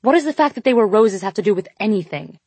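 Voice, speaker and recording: A woman voicing a furious, sharp-tongued young woman. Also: medium pitch, expressive, quick pace, breathy edge, no echo, voice pushed up. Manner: yelling, growling through clenched teeth. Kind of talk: audiobook dialogue.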